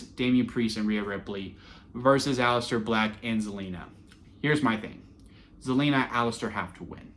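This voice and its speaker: A man's voice: medium pitch, a bit bright. A man reviewing a wrestling show in a casual, opinionated monologue, with frequent fillers and restarts.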